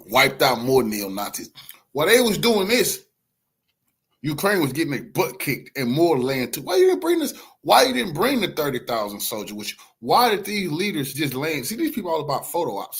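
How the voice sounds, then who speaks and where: A man's voice: medium pitch, fairly bright tone, breathy edge. A man commenting on a news clip with emphatic, mocking interjections. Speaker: reacting commentator.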